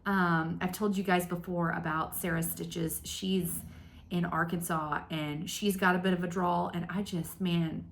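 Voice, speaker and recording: A woman's voice: fairly low pitch, level tone, measured pace, creaky, a little hiss or hum. A woman in her thirties hosting a casual stitching vlog, chatting in a rambling, self-deprecating way with lots of ums. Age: 30s. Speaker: flosstube host. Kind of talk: casual chat to camera. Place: home craft room.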